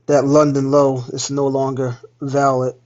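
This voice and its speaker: A man's voice: medium pitch, monotone, unhurried, darkish tone. Casual man walking through a chart. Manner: casual, pointing at chart levels. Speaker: trading educator. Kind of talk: live screen-share trading walkthrough. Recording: dull lo-fi mic.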